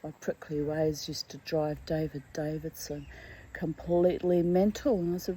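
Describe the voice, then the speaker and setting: Middle-aged woman rambling on about her week, deep-ish voice, bit of faint hiss behind. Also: fairly even intonation, normal speed, dark tone, poor audio. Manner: candid, emotional and chatty, drifting between topics. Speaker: vlogger. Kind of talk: rambling personal monologue.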